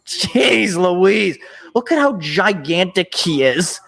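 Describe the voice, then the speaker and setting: This young sports show host has a high, bright voice with lively intonation and vocal fry, and he talks slowly. Reacting live, he rambles through complaint after complaint, his sarcasm thick with exasperation.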